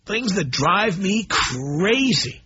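Husky, animated male radio host. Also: high-pitched, slow, no echo. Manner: blunt, animated storytelling. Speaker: radio talk show host. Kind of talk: call-in radio monologue. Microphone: studio microphone. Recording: dull broadcast audio.

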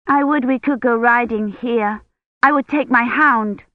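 A woman voicing an eager, stubborn little girl in a storybook reading, her voice raised high and bright. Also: a little slow, no room sound, close to an everyday voice. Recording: dull dry lo-fi recording.

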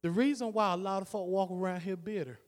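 A man's voice: high voice, fast talker. A man preaching a sermon as pastor, in a rhythmic, repetitive preaching style with rising fervor. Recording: long hall reverb.

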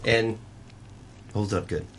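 Taking it slowly in a fairly low voice, a man appears as a guest in a casual chat, enthusiastically explaining how he cooks. A pie shop owner, he walks through his recipes with many restarts.

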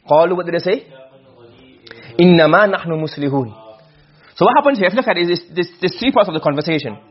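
Fast-talking man teaching a lesson. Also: high-pitched, expressive, slightly rough. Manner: asks and answers his own questions. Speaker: Arabic rhetoric teacher. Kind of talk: classroom lesson on Quranic rhetoric. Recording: dull lo-fi recording.

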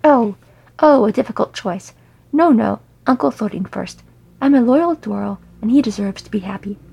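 A woman voicing a proud male dwarf king who is gruff and grumbles sulkily. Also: a little high, moderate pace, dark tone. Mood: sulky. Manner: grumbling, sulky pleading.

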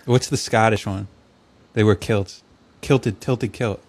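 Laid-back low-voiced man chiming in. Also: fairly even intonation, slow pace, darkish tone. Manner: laid-back, chimes in with short agreements. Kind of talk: casual comedic chat.

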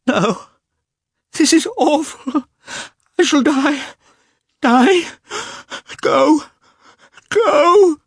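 A man voicing a frightened young woman in labor in an audiobook, crying out in a high, strained voice. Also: lively intonation, very slow, pauses often, no room sound, studio quality, heavily acted. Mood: anguished.

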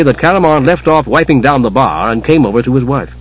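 A man narrating an audiobook in a steady storytelling manner, husky-voiced. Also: mid-range voice, brisk, lo-fi sound. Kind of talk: scripted narration.

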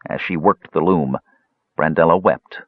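A man narrating a fantasy audiobook in measured, dramatic storytelling. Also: very deep voice, no echo. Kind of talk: scripted narration. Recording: dull, dry lo-fi audiobook recording.

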